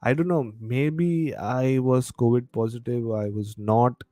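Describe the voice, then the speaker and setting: A man's voice: mid-range voice, unhurried, mellow, no room sound, clean studio sound. A man with a bad cold, hosting a casual live stream, chatting and reading viewer comments aloud. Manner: chatty, reads viewer comments aloud, mixes Hindi into English.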